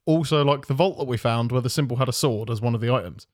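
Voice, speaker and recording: A man's voice: medium pitch, fast talker, dry recording, clean studio sound. Laid-back man at a tabletop game. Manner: laid-back, reasoning aloud. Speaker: player. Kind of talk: casual tabletop game chat.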